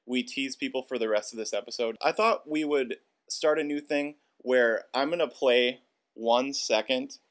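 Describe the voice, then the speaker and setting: A man with an Upper Midwest accent co-hosting a podcast, animated and laughing often as he talks. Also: medium pitch, normal speed. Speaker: podcast co-host. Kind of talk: casual podcast chat.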